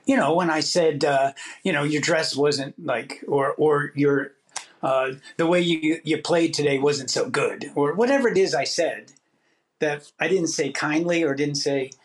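A man's voice: fairly high pitch, measured pace. A man co-hosting a casual podcast chat, talking reflectively and acting out his own inner voice. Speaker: podcast co-host.

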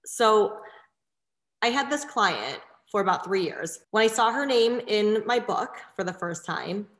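A woman salon owner chatting casually and telling lively stories. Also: medium pitch, measured pace. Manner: animated, expressive storyteller. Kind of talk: casual chat, storytelling. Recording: echoey room.

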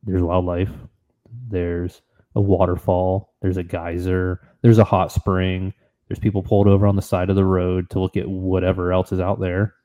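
A man co-hosting a podcast, telling a trip story in an animated, excitable, casual way. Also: deep voice, normal speed, phone-quality sound. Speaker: podcast co-host.

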